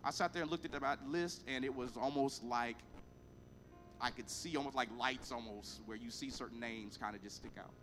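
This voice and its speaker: A man, a pastor, preaching a lively storytelling sermon, acting out both sides of the conversations with emphatic delivery. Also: mid-range voice, moderate pace, a little hiss or hum.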